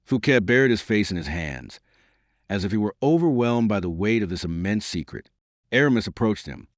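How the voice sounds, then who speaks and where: A man giving scripted audiobook narration in a measured, expressive storytelling manner. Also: on the low side, dry recording, clean studio sound.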